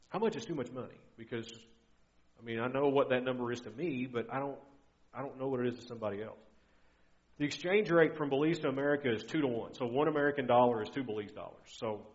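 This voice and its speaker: A man's voice: mid-range voice, quick pace, highs cut off. A middle-aged man giving a guest sermon in an earnest, conversational way, often restarting his sentences. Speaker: guest preacher.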